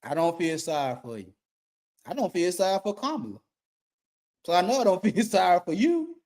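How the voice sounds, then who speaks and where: Man, middle-aged, high-pitched, blunt profane rant, emphatic and repetitive. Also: expressive, normal speed, a little mellow. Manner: blunt, profane, emphatic, repeats his points. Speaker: YouTube commentator. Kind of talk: ranting monologue.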